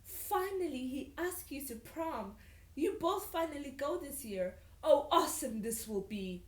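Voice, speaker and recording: A woman voicing a bubbly teen girl in a put-on Russian accent, squealing and excited, in an echoey room. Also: very high-pitched, takes it slowly, far from the mic, pitched above the performer's own voice, heavily acted.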